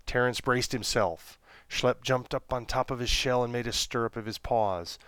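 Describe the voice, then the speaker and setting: A man reading a serialized children's story aloud in a gentle, unhurried storytelling manner. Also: medium pitch, smooth, no room sound. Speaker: narrator.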